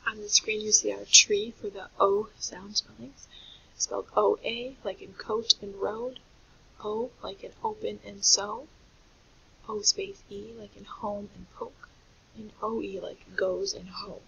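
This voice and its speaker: A woman teacher walks young children through a phonics lesson in a patient, clear way. Her voice has a gravelly edge. The recording sounds dull and lo-fi, with a faint hiss underneath. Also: medium pitch, fairly even intonation, a little slow, fairly bright tone.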